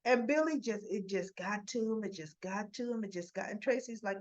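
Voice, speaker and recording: A woman talks through a soap opera episode in a casual, rambling way, acting out bits of dialogue along the way. Her pitch sits at a middling level, and the recording sounds dull and lo-fi. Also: fairly quick, few pauses. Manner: chatty, rambling retelling with acted quotes. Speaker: soap opera recap vlogger. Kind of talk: casual recap chat.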